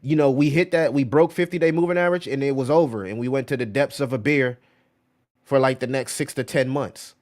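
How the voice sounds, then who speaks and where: A man's voice: mid-range voice, brisk, darkish tone. A man hosting a crypto livestream, rambling casually in slangy speech, often saying "bro" and "right?" while answering viewer chat. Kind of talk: casual live-stream commentary.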